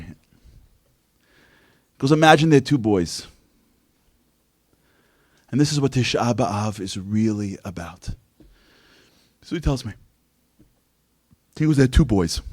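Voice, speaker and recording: A man giving a religious motivational talk, telling stories in an animated way and acting out voices. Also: medium pitch, no echo, studio quality. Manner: animated storytelling, acts out voices. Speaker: speaker.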